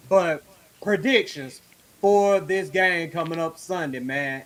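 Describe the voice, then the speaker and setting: High bright laid-back man. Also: slow, a little hiss or hum. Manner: laid-back, profane, says "man" constantly. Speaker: podcast co-host. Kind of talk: casual sports podcast chat.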